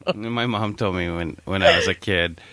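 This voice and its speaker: Low-voiced guy podcast cohost, bright edge, dry close mic, rambly stories. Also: moderate pace, no room sound. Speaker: podcast co-host. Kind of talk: casual storytelling chat.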